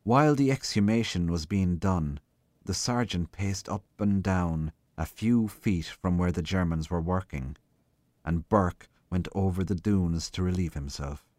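Deep-voiced man reading a story. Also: darkish tone, dry recording. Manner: slow, measured storytelling. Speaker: reader. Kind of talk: literary reading.

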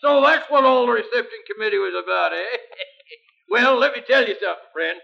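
A man's voice: very high-pitched, fairly quick, vocal fry. An actor playing a jovial, bluffing wagon driver who laughs his way through, in a 1940s radio western. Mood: gloating. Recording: dull old radio recording.

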